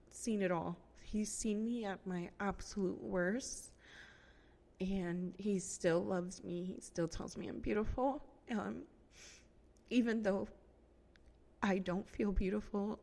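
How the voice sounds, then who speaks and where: A woman's voice: mid-range voice, creaky, a little mellow, in a large hall. A woman in her thirties hosting a podcast, talking casually and openly about her family, with many fillers and moments where she tears up. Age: 30s. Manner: emotional, tearful at times, many fillers. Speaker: podcast host. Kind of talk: personal casual monologue.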